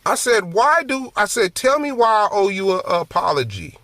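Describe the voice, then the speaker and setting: Minister, male, high and sharp voice, dry close sound; animated testimony with lots of repeats. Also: moderate pace, no echo. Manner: animated, conversational, repeats and restarts phrases. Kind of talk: personal testimony storytelling.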